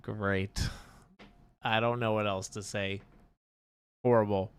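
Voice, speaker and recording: A man co-hosting a live stream, reading chat aloud in animated, teasing banter full of exclamations. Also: on the low side, slow pace, clear, resonant tone. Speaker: livestream co-host reading chat.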